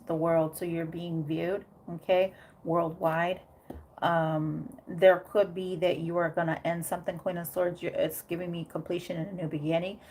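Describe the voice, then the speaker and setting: A woman's voice: fairly low pitch, a little mellow, a little hiss or hum. A woman giving a casual tarot reading, thinking aloud with many fillers and frequent "okay?" check-ins. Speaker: tarot reader.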